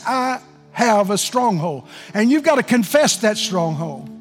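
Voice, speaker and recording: A man preaching a sermon to a congregation, moving from hushed pleading to shouting. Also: high voice, animated, normal speed. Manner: preaching with swings from soft to shouting. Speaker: pastor. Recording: long hall reverb with faint music.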